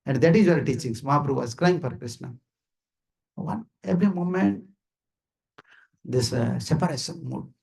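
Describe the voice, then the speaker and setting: Speaking in a mid-range, slightly mellow voice that is also gravelly and husky, a man with an Indian accent delivers a casual sermon at someone's home. He's a visiting swami addressing a small group, hammering his points through repetition, chuckling frequently, and checking in with "you understand?"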